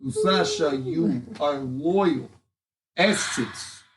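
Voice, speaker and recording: A man voicing a grandiose male space politician with a put-on Russian accent, giving slow, pompous speeches. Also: on the high side, echoey room, distant mic, background noise. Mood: rousing.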